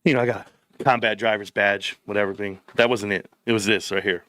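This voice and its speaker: A man's voice: on the low side, a little fast, dry recording, clean studio sound. A middle-aged man hosting a casual livestream chat, telling stories bluntly with slang. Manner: blunt, animated storytelling with slang. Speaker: livestream host.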